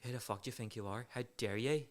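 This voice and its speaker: A man voicing a sharp-tongued woman working in a fish shop, who swears and scoffs a lot. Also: medium pitch, fast, natural voice. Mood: outraged. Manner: sweary, scornful.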